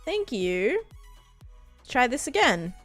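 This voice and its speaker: A woman live streaming a game, excitedly thanking viewers and rambling through stories with lots of fillers. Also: sits high, slow, soft background music. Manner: rambling storytelling with many fillers. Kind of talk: casual live-stream chat while gaming.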